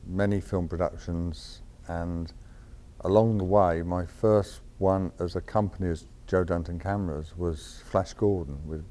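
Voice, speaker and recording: Low mellow voiced guy, camera supplier, plain matter-of-fact interview talk. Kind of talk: documentary interview.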